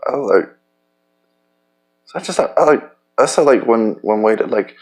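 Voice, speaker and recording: A man talking in a loose, rambling personal monologue, profane and halting, with many restarts. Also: medium pitch, expressive, a little mellow. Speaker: vlogger.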